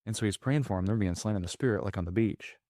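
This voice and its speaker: A man's voice: lowish voice, fast, warm tone, no echo, studio quality. A man telling a long personal story in casual chat, with many restarts and fillers. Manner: rambling, frequent restarts and fillers.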